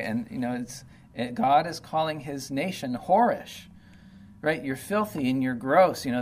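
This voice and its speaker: A man teaching through Bible verses, reading passages slowly and then explaining them in a casual way with many fillers like "uh" and "you know.". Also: mid-range voice. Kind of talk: informal Bible study talk.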